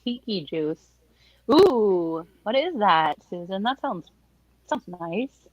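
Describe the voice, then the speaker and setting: A woman from Canada talks in a playful, teasing way during casual group chat. Her voice sits at an ordinary pitch for a woman. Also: very animated, takes it slowly, no echo, lo-fi sound.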